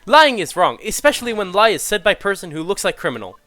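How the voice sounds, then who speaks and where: A blunt, suspicious juror barking stiff broken English with dropped articles, as a man puts him on. The voice sits high and loud above the speaker's own, swinging widely in pitch. Each point lands with heavy emphasis. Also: very animated, quick pace, no echo, soft background music, full character voice.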